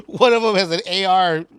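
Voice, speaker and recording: A man from the Chicago area, a comedian on a podcast, giggling and throwing in quick mocking lines. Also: high voice, fairly bright tone, smooth. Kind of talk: casual chat.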